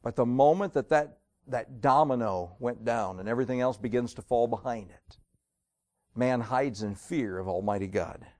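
Dramatic preacher man reading scripture. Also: mid-range voice. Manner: reads King James verses aloud, dramatic storytelling; swings between loud emphasis and quiet, slowed lines. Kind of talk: evening sermon with scripture reading.

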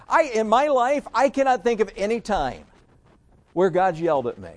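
A man's voice: fairly high pitch, a little mellow. A man preaching a sermon to his congregation in a folksy, conversational way, full of rhetorical questions. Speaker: pastor.

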